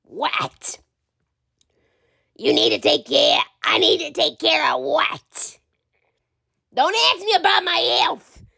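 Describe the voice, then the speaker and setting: A woman's voice: high-pitched, wildly swooping pitch, sharp tone, exaggerated voice. A woman voicing a stubborn older chain-smoking woman who grumbles, coughs and gets touchy in a comedy skit. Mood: defensive. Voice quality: gravelly, coughing smoker's voice. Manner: slow, grumbling and defensive.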